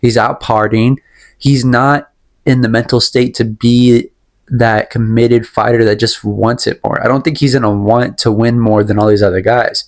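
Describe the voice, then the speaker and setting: Young male vlogger, casual rant, emphatic and repetitive, mid-pitched voice, talks his opinions through at length. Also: little pitch movement, normal speed. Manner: rambling, emphatic, repeats himself, sips tea while talking. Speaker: MMA commentary vlogger.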